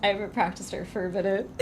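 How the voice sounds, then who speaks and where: Reading a horror story on a live stream, this Texan woman speaks with a medium-pitched, darkish voice and a Texan accent. She chats and laughs, stumbling on difficult words and saying them again, with a slight hiss or hum in the background.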